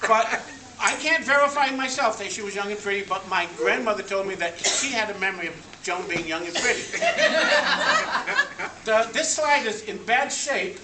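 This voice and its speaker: A man telling family stories and deadpan jokes over old slides at a family party. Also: high voice, moderate pace. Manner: deadpan joke-telling with laughter. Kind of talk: joking slideshow storytelling. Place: party room with guests at tables. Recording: echoey room, voice from far off, noisy.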